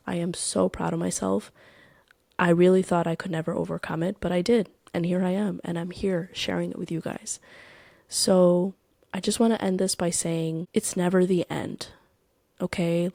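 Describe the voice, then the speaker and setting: A woman's voice: on the low side, creaky, warm tone, no echo, studio quality. A young adult woman hosting a podcast, talking candidly and emphatically about her own life, swearing for emphasis. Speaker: podcast host. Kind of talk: personal podcast monologue.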